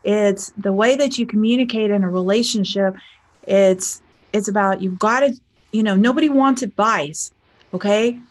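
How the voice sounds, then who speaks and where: A woman's voice: medium pitch, normal speed. A woman life coach giving casual relationship advice in a chatty storytelling manner, acting out bits of dialogue. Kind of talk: casual advice talk to viewers.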